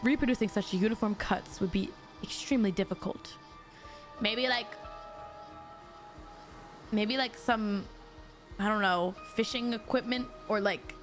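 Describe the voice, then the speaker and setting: A woman streaming a mystery game, reading the dialogue aloud and breaking off into excitable, jokey asides to her chat. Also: a little high. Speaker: VTuber streamer.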